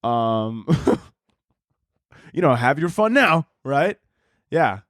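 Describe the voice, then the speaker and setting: A man's voice: mid-range voice, big pitch swings, extremely slow, a bit bright, no echo. Rambling, swearing young man, dry sound. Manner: rambling, swearing, laughing at own jokes. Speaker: podcast host. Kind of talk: casual comedic monologue.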